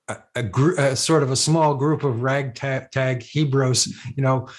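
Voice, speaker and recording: A man hosting a video-call book club conversation who speaks in a halting, hesitant way, repeating words as he searches for his point. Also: medium pitch. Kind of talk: casual conversation.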